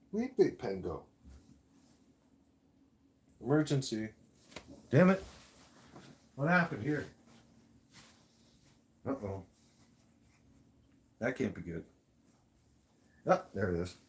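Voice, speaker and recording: A man's voice: mid-range voice, sing-song, slow pace, pauses often, a little hiss or hum. Blunt, swearing man ranting. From Canada. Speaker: livestream host. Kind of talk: profane casual rant.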